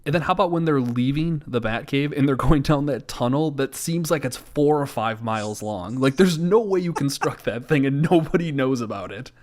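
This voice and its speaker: A man's voice: medium pitch, lively intonation, moderate pace, few pauses, a little mellow. Wry, joking podcast co-host man. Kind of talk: casual movie-review chat.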